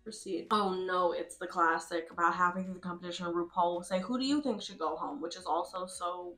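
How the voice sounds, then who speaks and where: A woman's voice: lowish voice, a little fast, bright, forceful tone, faint music behind. A woman giving casual, chatty commentary over a game, laughing often and swearing freely. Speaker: host.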